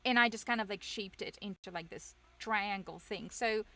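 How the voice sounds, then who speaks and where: Bright-voiced woman streamer chatting. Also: medium pitch, normal speed. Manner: rambling, self-deprecating, laughs often. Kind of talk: casual chat with stream viewers.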